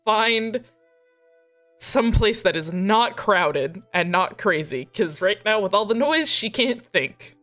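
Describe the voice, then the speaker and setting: A woman's voice: mid-range voice, animated, slow pace, fairly bright tone, faint music behind. A woman playing a tabletop role-playing game, describing her character's actions expressively and swearing freely. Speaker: player.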